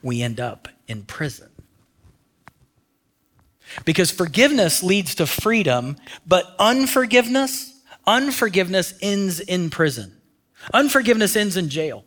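A man preaching a sermon with a voice pitched a little above the usual. He talks to his listeners conversationally and keeps asking them questions. On the key phrases he drops down to a near hush. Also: very animated, unhurried, pauses often. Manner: conversational, asks the audience questions. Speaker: pastor.

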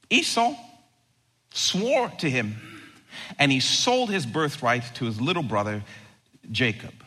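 A man preaching a sermon as pastor, animated, acting out quoted lines and swinging from loud to hushed. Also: medium pitch, slow, long pauses, breathy edge. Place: church sanctuary. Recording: long reverb of a large hall.

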